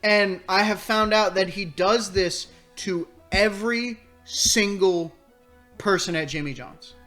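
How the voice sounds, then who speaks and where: A man with a high-sitting voice hosts a let's play, telling a story through casual, animated commentary. He sounds exasperated and swears freely.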